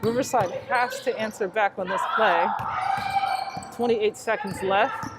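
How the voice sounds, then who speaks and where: A woman's voice: medium pitch, unhurried. Nervous woman calling a basketball game. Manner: nervous, excitable, chatty asides to listeners. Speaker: play-by-play announcer. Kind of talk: high school basketball commentary. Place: school gym during a game. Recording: noisy gym sound. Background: crowd ambience and bouncing basketballs.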